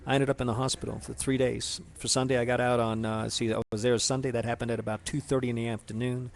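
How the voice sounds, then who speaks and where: A man telling a personal story in a rambling, halting way, full of restarts and fillers, speaking to someone he addresses directly. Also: mid-range voice, little pitch movement, vocal fry.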